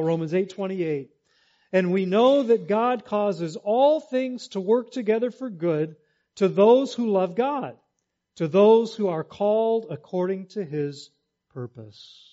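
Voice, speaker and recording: A pastor with a high voice preaches slowly and deliberately, leaning hard on repeated phrases and calling the congregation to answer back. The recording sounds dull and lo-fi, with muffled highs. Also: male voice, dark tone. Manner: emphatic, repeats key phrases, leads congregation call-and-response. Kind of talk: sermon.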